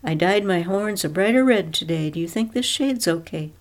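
A woman's voice: on the low side, animated, normal speed, close to an everyday voice. A woman voicing the devil as a casual, chatty male figure who speaks in an offhand way.

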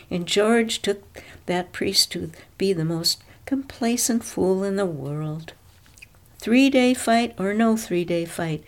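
A woman narrating an audiobook of a novel in a measured, even storytelling manner. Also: fairly low pitch.

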